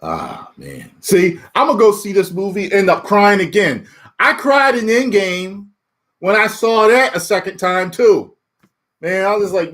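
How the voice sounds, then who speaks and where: Animated man chatting about a movie. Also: sits high, a little slow. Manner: animated, laughing, swings between loud and muttered. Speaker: YouTube movie reviewer. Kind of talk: casual spoiler talk, reading chat aloud.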